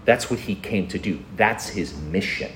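Low-voiced man preaching earnestly. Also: moderate pace, a little hiss or hum. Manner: earnest, emphatic storytelling. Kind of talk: sermon.

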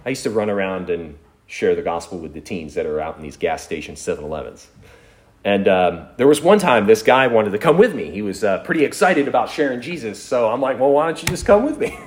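Lively conversational male preacher. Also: lowish voice, a little fast. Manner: conversational, storytelling, chuckles often. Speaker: pastor. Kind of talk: sermon.

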